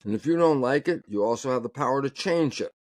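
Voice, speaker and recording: A quick-paced, expressive man with a medium-pitched voice speaks in a dry recording. He's a biologist on an interview, chatting in an animated, conversational way, emphatic in delivery, often laughing in the middle of sentences and performing both sides of conversations.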